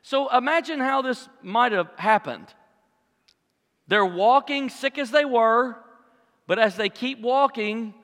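A man with a very high, bright voice preaches a sermon in a church sanctuary. His delivery is dramatic, rising into loud acted-out cries and dropping into hushed asides. A long hall reverb trails every phrase. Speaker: pastor.

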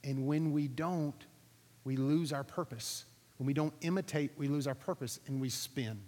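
A man preaching, telling a lively personal story to his audience, acting out what others said, then drawing a lesson from it. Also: on the high side, moderate pace. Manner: animated storytelling, acting out quotes, asking the audience. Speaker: pastor. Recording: reverberant hall recording.

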